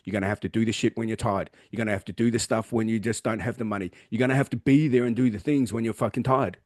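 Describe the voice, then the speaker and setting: A man on a podcast talking like the gym trainer he is, swearing freely and pressing his point hard. His voice sits low and the words come out quickly in an emphatic, no-excuses rush. The sound is dry and close, with no room around it. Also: fairly even intonation, a little mellow, dry recording. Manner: blunt, heavily profane, emphatic. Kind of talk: casual motivational chat.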